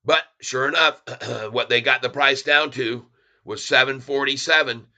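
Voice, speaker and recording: A man's voice: medium pitch, a little slow, sharp tone. A man hosting a casual stock livestream, chuckling often as he reads the chat aloud and talks straight to viewers.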